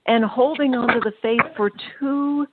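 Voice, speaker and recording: A woman's voice: on the high side, fairly even intonation, moderate pace, noisy background. A woman interview host who sums up her guest's point for the listeners. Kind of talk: host commentary to an audience. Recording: phone-like dry audio.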